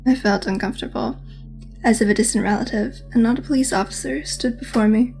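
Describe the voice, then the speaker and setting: A woman's voice: on the high side, fairly quick, creaky, darkish tone. A woman gaming host reading a visual novel aloud, mixing dramatic reading with casual asides. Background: faint game music.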